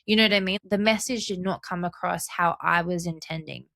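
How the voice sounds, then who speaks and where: A woman's voice: fairly low pitch, brisk, creaky, sharp tone, no room sound, clean studio sound. A young adult woman hosting a solo podcast, talking earnestly and passionately, often checking in with "right?" and "okay?". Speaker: podcast host. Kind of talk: reflective solo podcast monologue.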